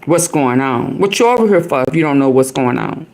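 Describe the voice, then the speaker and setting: A woman's voice: extremely low pitch, lively intonation, a little fast, a little mellow. A woman hosting a live stream, bluntly scolding viewers and telling them to use super chats. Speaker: livestream host.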